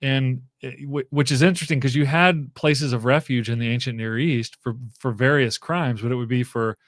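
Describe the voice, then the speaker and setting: A man's voice: mid-range voice, fairly even intonation, moderate pace, no echo. Chatty male guest, dry close sound. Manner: loose, thinking aloud with many fillers and restarts. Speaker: guest author and professor. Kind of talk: casual interview conversation.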